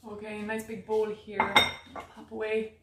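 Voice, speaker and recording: Heard through a distant camera mic in an echoey home kitchen, a woman runs a live cook-along demo, chatting and poking fun at herself. Her medium-pitched voice is completely flat and unhurried, and the recording is very noisy.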